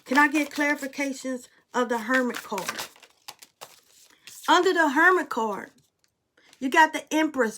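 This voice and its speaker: A woman's voice: sits high, unhurried, fairly bright tone. A woman reading tarot and telling a spiritual story in a casual, blunt, emphatic way, swearing freely. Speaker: tarot reader and medium.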